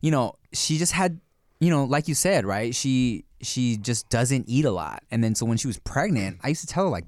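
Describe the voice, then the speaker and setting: A man's voice: mid-range voice, animated, moderate pace, a little mellow, dry recording, studio quality. A man in his thirties co-hosting a casual podcast chat, rambling with lots of fillers and restarts. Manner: rambling, many fillers and restarts, laughs often. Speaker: podcast co-host.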